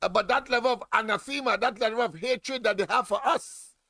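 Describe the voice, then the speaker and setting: A man's voice: very high-pitched, a little fast, pushed and bright, no room sound. A man hosting a political radio talk show, speaking emphatically with many fillers and repeated phrases. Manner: emphatic, repetitive, heavy fillers.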